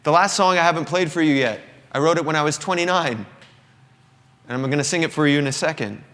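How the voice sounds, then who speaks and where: A man in his thirties from the Southern United States, a singer-songwriter, delivers an earnest, reflective confessional monologue to a live audience in an indoor company showroom. His voice sits on the high side, quick-paced and a bit bright. The long reverb of the live room carries through the recording.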